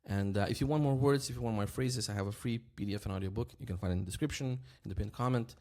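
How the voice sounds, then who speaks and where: A man with a lowish voice gives an informal language lesson. Frequently checking in with "right?", he repeats his example words at a slow pace.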